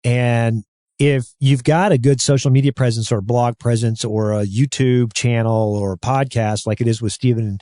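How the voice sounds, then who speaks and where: A man's voice: mid-range voice, fairly even intonation, normal speed, warm tone, no room sound, clean studio sound. A man co-hosting a real estate podcast, talking at length in a rambling, friendly chat with many restarts. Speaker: podcast co-host. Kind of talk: casual chat.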